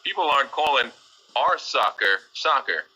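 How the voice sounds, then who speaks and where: Bright, lively joking man on voice chat. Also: mid-range voice, normal speed, breathy edge, low-quality recording. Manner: joking, teasing. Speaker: co-streamer friend. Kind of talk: casual banter on voice chat.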